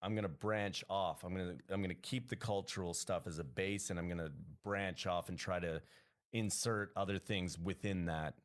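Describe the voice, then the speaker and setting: A man's voice: deep voice, fairly even intonation, normal speed. A Canadian man, a comedian, talking casually as a podcast guest, rambling with many restarts.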